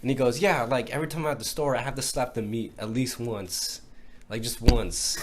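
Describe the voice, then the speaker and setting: A man's voice: medium pitch, fairly quick, crowd noise. A young man co-hosting a casual podcast, talking in laid-back slang with lots of filler words. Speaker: podcast co-host. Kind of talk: casual chat. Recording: background noise.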